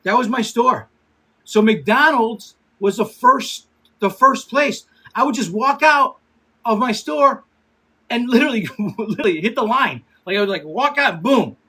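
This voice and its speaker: A man in his fifties talks casually on a livestream, laughing often and giving quick shout-outs to viewers. His voice sits high and sounds a little husky. He swears freely as he chats. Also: poor audio. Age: 50s. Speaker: livestream host.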